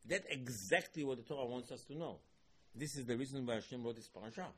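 Husky-voiced male rabbi, animated sermon delivery mixing Hebrew phrases into English. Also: medium pitch, quick pace. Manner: animated, shifting between hushed and emphatic; mixes Hebrew terms into English.

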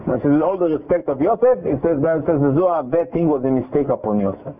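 A man's voice: fairly high pitch, fast talker, hardly any pauses, a little hiss or hum. Man retelling a Torah story over phone. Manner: animated retelling with quoted dialogue and restarts. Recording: tinny phone-line audio.

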